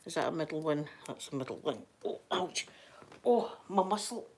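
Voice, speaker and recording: Soft-spoken Scottish woman, ASMR chat. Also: sits low, expressive, moderate pace. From Scotland. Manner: soft-spoken, chatty, drifting into whispers. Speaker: ASMR live streamer.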